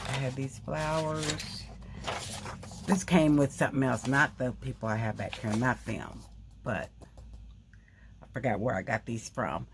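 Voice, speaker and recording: A woman hosting a craft video, talking quickly in a rambling, casual way and often correcting herself mid-sentence. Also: a bass voice, a little hiss or hum. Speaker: craft channel host. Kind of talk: casual craft tutorial chat.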